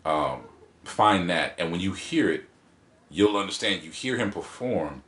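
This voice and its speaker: A man with a very low voice tells stories in an interview, lively and vivid as he acts out rhythms and quotes. The room is roomy and echoey around him. He speaks as a guest poet in casual conversation. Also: measured pace. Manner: animated storyteller who acts out rhythms and quotes. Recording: roomy echo.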